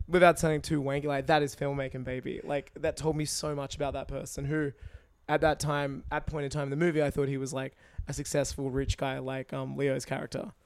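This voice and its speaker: A man co-hosting a podcast, chatting casually and excitedly, swearing and laughing. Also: mid-range voice, a little fast, clear, resonant tone, no echo. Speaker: podcast co-host. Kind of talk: casual chat.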